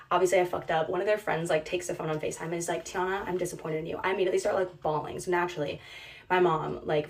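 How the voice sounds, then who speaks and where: A woman's voice: lowish voice, far from the mic. A young woman casually telling a funny college story, chatty and full of "like", laughing at herself as she goes. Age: young adult.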